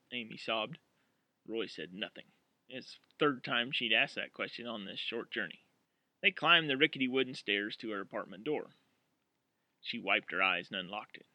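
A man narrating an audiobook in an expressive, dramatic way. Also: medium pitch, normal speed, no room sound.

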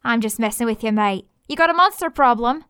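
A cheeky young female monster hunter , played by a woman reading a story. She talks in a breezy, teasing way, her voice a little high. The recording is dry and close. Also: big pitch swings, normal speed, a bit bright, no echo.

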